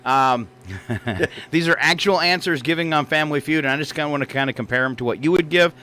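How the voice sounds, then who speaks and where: A man's voice: a little high, fairly quick, sharp tone. A man hosting a morning radio show from a studio mic, teasing his co-host with jokey asides and frequent chuckles.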